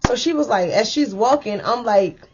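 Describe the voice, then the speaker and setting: A young woman casually telling a story to her viewers, animated and full of "like" and "y'all". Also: a little high, normal speed, muffled recording, noisy background. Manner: chatty, animated, addresses viewers as y'all with many likes.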